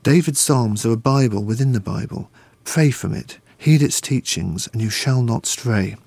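A man's voice: medium pitch, normal speed, creaky, darkish tone, slightly rough, dry recording. A man reading aloud and voicing a stern, pious older uncle who solemnly exhorts his nephew. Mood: solemn exhortation.

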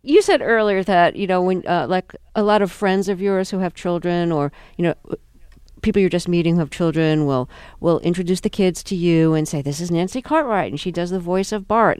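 A woman hosting a radio interview, asking measured questions with some hesitation. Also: fairly low pitch, a little mellow, clean tone, dry recording, studio quality. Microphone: studio microphone.

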